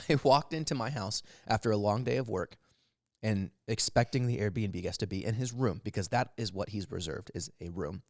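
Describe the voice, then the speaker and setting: A man's voice: fairly low pitch, moderate pace, a little mellow, no room sound, studio quality. A man in his thirties co-hosting a comedy podcast, telling rambling stories with frequent laughs. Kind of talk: casual chat, comic storytelling.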